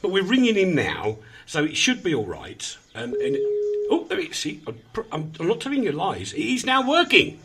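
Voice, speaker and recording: A man's voice: a little high, wildly swooping pitch, moderate pace, slight background noise. A man hosting an online radio show in casual, self-mocking chat, flustered while he fights with his equipment.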